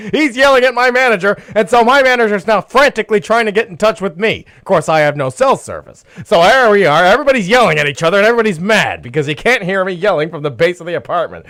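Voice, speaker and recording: A man telling a personal story live on the radio as host, chuckling often and breaking into loud yelling. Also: sits high, animated, fast, hardly any pauses, no room sound, studio quality. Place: radio studio.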